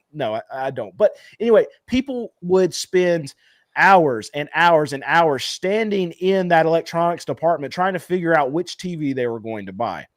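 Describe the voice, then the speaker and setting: A man's voice: on the high side, expressive, moderate pace, no room sound, studio quality. A man co-hosting a casual talk, chatty and self-deprecating, with some hesitant fillers. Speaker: co-host. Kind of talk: casual podcast chat.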